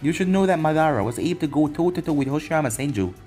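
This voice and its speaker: A man reading a fan-made anime story as narrator, plain and unhurried. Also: a little high, lively intonation, dark tone, soft background music.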